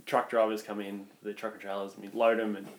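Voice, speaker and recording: A man's voice: lowish voice, level tone, fast talker. A young Australian man, a podcast co-host, telling a rambling story in casual chat and laughing along. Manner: rambling, laughs through his own stories.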